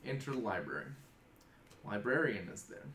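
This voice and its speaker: A man acting as game master, chatting and explaining in a lively way. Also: lowish voice, moderate pace. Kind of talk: running a tabletop game, casual chat. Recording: echoey room with faint background hum.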